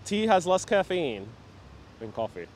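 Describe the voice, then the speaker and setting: A man from New York City, with a voice a bit high for a man, leads a live walking tour outdoors on city streets. He chats easily with viewers, reading their comments aloud and answering them. Faint traffic hums behind him. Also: sing-song, unhurried. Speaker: walking-tour livestream host.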